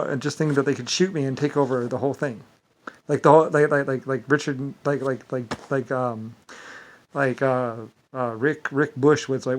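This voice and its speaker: A man's voice: mid-range voice, normal speed. A man talking in a rambling monologue, repeating himself, stumbling over words and swearing indignantly. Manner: repetitive, stumbling, filler-heavy; profane and indignant. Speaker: vlogger.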